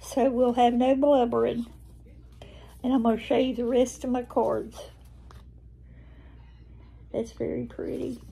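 A woman's voice: on the high side, flat delivery, unhurried, gravelly, long pauses, dark tone, slight background noise. An older woman with a Southern American accent, chatting tenderly and homely to her viewers in a casual vlog. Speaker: vlogger. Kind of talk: casual chat to camera.

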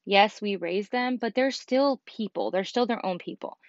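A woman's voice: mid-range voice, moderate pace, dry recording. Chatty, candid woman podcaster, dry sound. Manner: candid, chatty, many fillers. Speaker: podcast host. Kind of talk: casual solo podcast talk. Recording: dull lo-fi podcast mic.

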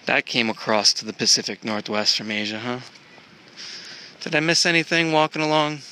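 A travel vlogger strolls through an outdoor park with a handheld camera, rambling and thinking aloud in a casual walking vlog. His voice is mid-range, bright and forceful, with a slight hiss or hum in the background.

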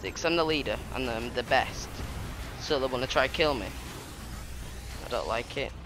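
A man giving excitable, trash-talking commentary over his gameplay, laughing often. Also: mid-range voice, moderate pace, music in the background. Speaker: gaming YouTuber.

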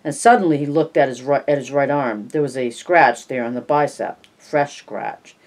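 A narrator reads a horror novel aloud at a measured pace. The voice sits at a mid pitch and drops softer when the tension rises. The telling is steady throughout. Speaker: audiobook narrator. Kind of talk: scripted narration.

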